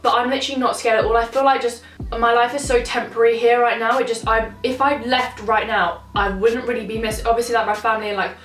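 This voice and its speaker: A woman's voice: a little high, flat delivery, fast talker, a bit bright. A young woman vlogger chatting casually and swearing a lot while eating at a table. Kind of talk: casual mukbang chat. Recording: roomy, from a distance, faint music.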